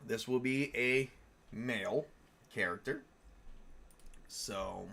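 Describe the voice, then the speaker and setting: A man with a mid-range, gravelly voice that sounds pushed and bright speaks slowly during a laid-back live stream. He rambles while creating tabletop game characters, laughing frequently, fixing his own slips, and responding to viewers.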